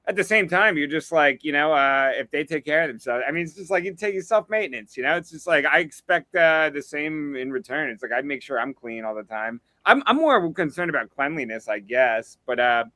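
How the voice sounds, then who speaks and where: A man's voice: a little high, expressive, a little fast, hardly any pauses, sharp tone, no echo. A man chatting as a comedy guest, laid-back and rambling with lots of fillers. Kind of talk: casual comedic chat.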